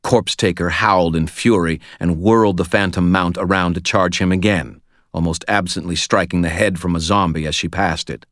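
Brief: low-pitched male narrator for a first-person action novel, steady and measured, bone-dry studio sound. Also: no echo. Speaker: audiobook narrator.

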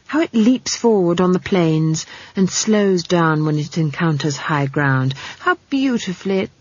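A woman narrating a comic fantasy audiobook with wry, expressive storytelling and playful asides. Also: fairly low pitch, a little slow, no room sound, muffled recording.

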